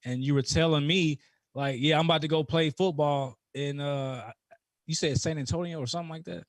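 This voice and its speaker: A man's voice: fairly high pitch, steady tone, fairly quick, no room sound, studio quality. A man hosting a casual live interview, talking informally and often restarting and repeating words. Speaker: host.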